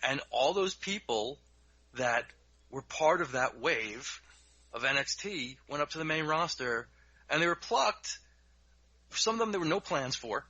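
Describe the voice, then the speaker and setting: A man co-hosting a podcast, speaking in a relaxed, wry, conversational way. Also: fairly high pitch, unhurried, no room sound, highs cut off. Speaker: podcast co-host. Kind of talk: casual wrestling talk.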